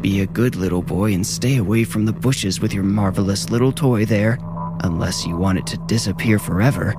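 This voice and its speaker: A man voicing a raspy ancient hag. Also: on the low side, fairly quick, natural voice. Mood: mocking. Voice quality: gnarled rasp. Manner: menacing, cackling. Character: ancient sickly hag hiding in hedges.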